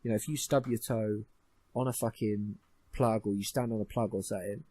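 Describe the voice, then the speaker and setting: A man's voice: lowish voice, fairly even intonation, fairly quick, warm tone, husky. A young man co-hosting a podcast, ranting and mocking in casual chat, swearing often. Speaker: podcast co-host.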